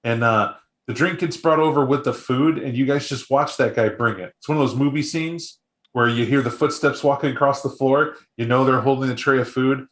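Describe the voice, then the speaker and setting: A man's voice: mid-range voice, brisk, a bit bright. Man, game master, tabletop role-play narration, casual, rambling, fillers, echoey room.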